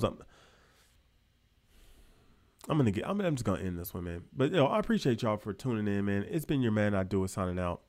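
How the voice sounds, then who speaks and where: A man's voice: on the low side, big pitch swings, fast, hardly any pauses, darkish tone. Preachy, fired-up man. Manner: preachy, emphatic, repeats himself, casual slang. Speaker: finance YouTuber. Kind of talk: fired-up motivational vlog talk.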